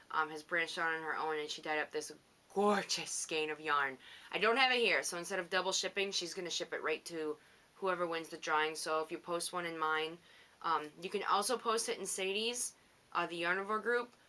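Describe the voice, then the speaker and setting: A woman's voice: low-pitched, bright, forceful tone. A woman hosting a knitting podcast from home, chatting casually in a rambling, self-teasing way and laughing easily. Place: home on the coast.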